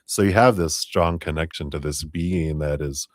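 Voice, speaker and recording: A man doing a live-streamed tarot reading, talking gently and unhurriedly as he offers spiritual guidance. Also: rumbling low, moderate pace, no echo, studio quality. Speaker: tarot reader.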